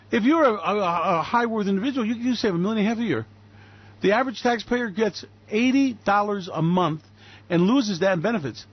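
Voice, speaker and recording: A man's voice: sits high, lively intonation, a little fast, husky, dull audio. A male radio host in an angry, sarcastic, profane political rant. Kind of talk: ranting political commentary.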